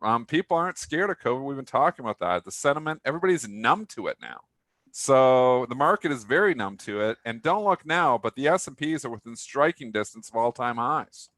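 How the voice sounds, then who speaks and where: A man with a bright, forceful voice talking through stock moves in loose, joking banter. The sound is dry and close, with no room around it. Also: medium pitch, animated, brisk, no echo. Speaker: co-host of a pre-market stock show. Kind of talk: casual market chat.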